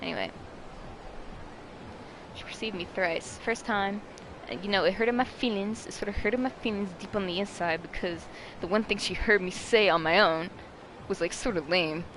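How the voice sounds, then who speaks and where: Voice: medium pitch, normal speed, a bit bright, slight background noise, low-quality recording. Casual storytime vlogger: rambling, self-mocking, dramatic, with shrieking outbursts.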